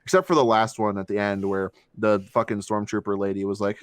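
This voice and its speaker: A man's voice: on the low side, steady tone, a little fast, no echo. A man co-hosting a casual movie review podcast, ranting with heavy swearing and mocking voices. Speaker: podcast co-host.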